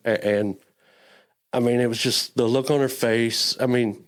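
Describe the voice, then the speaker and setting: Speaking as a church guest, this man gives earnest testimony about his own faith in a halting way, repeating words often. The voice is mid-range with a steady tone, and he sounds emotional and close to crying.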